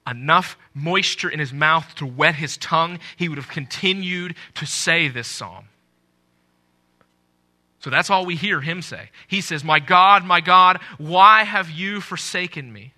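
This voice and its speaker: Bright-voiced preaching man. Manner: earnest preaching, swells loud on scripture quotes and drops low at phrase ends. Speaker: pastor. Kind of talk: sermon.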